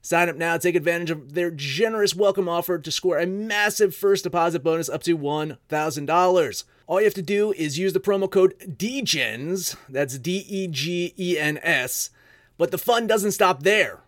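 A man reads a betting sponsor spot with salesy enthusiasm. His voice sits high for a man. The sound is close and dry. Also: brisk, hardly any pauses, no echo. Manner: upbeat, salesy. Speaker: ad reader. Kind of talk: read sponsor ad.

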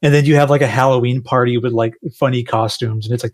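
A man's voice: medium pitch, steady tone, fast. Laid-back, rambling male game developer. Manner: rambling, self-deprecating, laughs often, many fillers. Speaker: game developer, panel guest. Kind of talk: casual panel chat.

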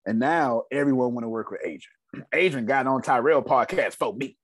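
Lively male coach host, husky edge, dry close sound, hammers points home. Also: mid-range voice, moderate pace, no echo. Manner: animated, repeats key points, laughs often. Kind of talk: casual coaching talk on a group call.

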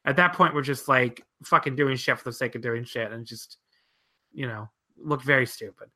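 Bright-voiced man cursing through a story. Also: medium pitch, normal speed. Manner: profane, cackling storyteller. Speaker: wrestling podcast speaker. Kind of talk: casual podcast chat.

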